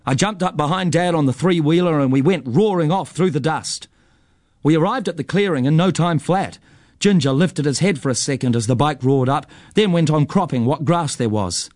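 A man narrating a first-person story in a measured, expressive way. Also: a little high, no room sound, studio quality.

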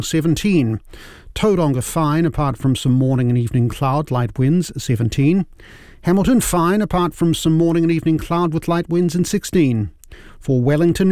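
A man with a New Zealand accent reading the news and weather forecast in a steady, formal way. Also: on the high side, no room sound, clean studio sound. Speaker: newsreader. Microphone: studio microphone.

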